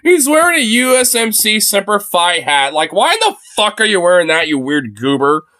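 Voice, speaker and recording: Excitable, foul-mouthed man streamer, bright voice. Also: high-pitched, normal speed, dry recording. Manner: excitable, laughs often, bursts into shouts; crude, swears constantly. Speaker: streamer reacting to political clips. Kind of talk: casual profane commentary.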